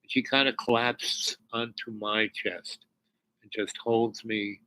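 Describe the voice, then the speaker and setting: A man telling a personal spiritual story in a rambling, halting way, with many restarts, dropping to near whispers when moved. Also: on the low side, fairly even intonation, bright, forceful tone, rough recording. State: tearful near the end.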